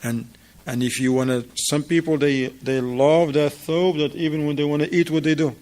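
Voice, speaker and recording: A man leads an informal religious class in a mosque, chatting with students, asking questions and repeating their answers in English that isn't his first language. His fairly high voice is steady, a little mellow, and moderately paced.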